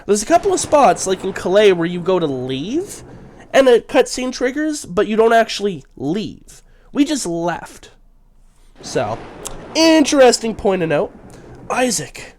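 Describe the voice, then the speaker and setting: A man's voice: high voice, big pitch swings, unhurried, a little mellow, slight background noise. A man chatting casually and enthusiastically while streaming a video game.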